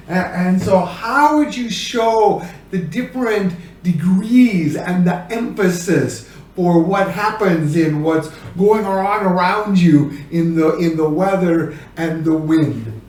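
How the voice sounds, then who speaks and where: Middle-aged male teacher, casual and animated, loud bursts for examples; recorded at a distance in an echoey room. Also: high voice, slow pace. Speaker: sign language teacher.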